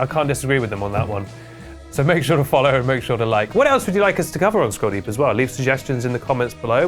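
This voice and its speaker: A man hosting a comedic internet news vlog, with wry, deadpan asides. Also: mid-range voice. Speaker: host.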